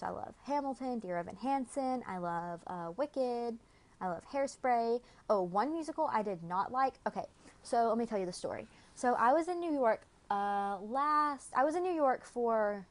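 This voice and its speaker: Young woman YouTuber, casual storytelling voice, talkative with frequent fillers. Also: medium pitch. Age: young adult.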